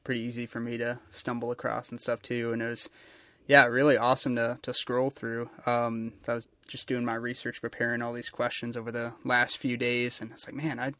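Man, casual interviewer, enthusiastic, rambling, monotone delivery. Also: mid-range voice, brisk, dry recording.

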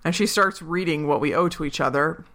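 A podcast co-host recapping a television episode in loose, casual chat, often breaking into laughter. The voice is bright and forward, with middling pitch. The host acts out bits of dialogue along the way. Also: fairly quick. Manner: chatty, laughs often, acts out quoted lines.

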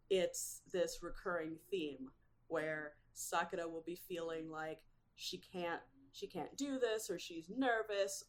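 A woman chatting as a guest in a casual interview, animated and quick to laugh, with lots of fillers. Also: on the low side.

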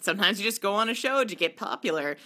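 A woman co-hosts a relaxed conversation, recounting scenes with animated storytelling. Her voice is bright and forward, with an ordinary middle pitch. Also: fast. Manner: animated storytelling, acting out quotes. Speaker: podcast co-host. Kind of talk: casual chat.

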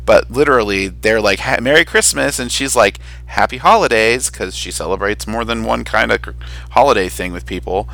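A man co-hosting a casual podcast, rambling and animated, often jumping up into a high excited voice and swearing casually. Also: a little fast, vocal fry, no echo. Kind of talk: casual chat.

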